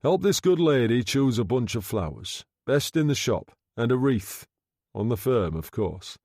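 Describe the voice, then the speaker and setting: A man voicing a smooth-talking gangster undertaker who speaks low, soft and quietly threatening, in an audiobook reading. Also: very animated, a little slow, no echo, studio quality. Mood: menacing.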